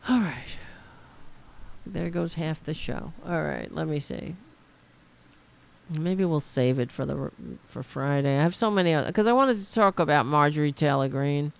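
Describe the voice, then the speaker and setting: A woman's voice: low-pitched, normal speed, creaky. A woman hosting a political livestream from home, chatting casually to her viewers in a profane, rambling way. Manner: profane, rambling, talks to her audience directly. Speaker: host of a political talk livestream.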